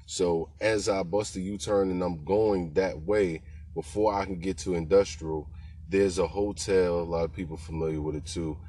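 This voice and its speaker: A podcast host tells rideshare stories in a low, steady, dark voice at a moderate pace, with slight background noise. His casual storytelling is laid-back and slangy, and he keeps checking in with "you know what I'm saying."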